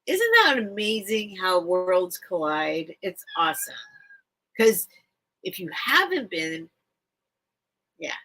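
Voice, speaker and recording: A woman's voice: lowish voice, very animated, slow pace, pauses often, pushed and bright, poor audio. A woman hosting a late-night livestream, rambling and chatting casually while she reads the chat, at home. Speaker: host of a live vintage sale stream.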